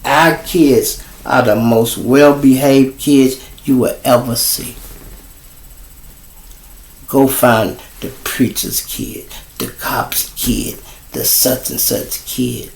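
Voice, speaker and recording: A man's voice: mid-range voice, steady tone, slow, gravelly. A middle-aged man with a Chicago accent hosts a casual livestream monologue, blunt, profane and preachy as he lectures his viewers. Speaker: show host. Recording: roomy echo.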